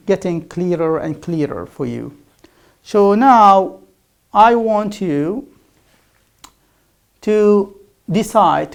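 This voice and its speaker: An English teacher gives a recorded distance-learning lecture. The teacher speaks slowly through a gravelly, creaky voice. Each word is repeated several times and stressed loudly, as in a pronunciation drill. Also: mid-range voice. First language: Arabic. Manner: drills words by repeating them with loud emphasis.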